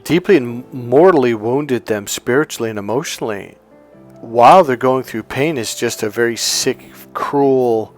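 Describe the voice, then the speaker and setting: A man speaking as a life coach in an emphatic motivational monologue, blunt and forceful, swearing for emphasis and acting out other people's lines in a raised voice. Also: mid-range voice.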